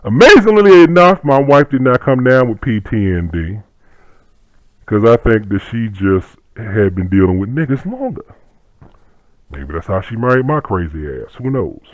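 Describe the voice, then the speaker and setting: A man's voice: mid-range voice, lively intonation, normal speed, no echo, rough recording. A middle-aged man, a martial arts instructor, talking in a profane, rambling casual monologue.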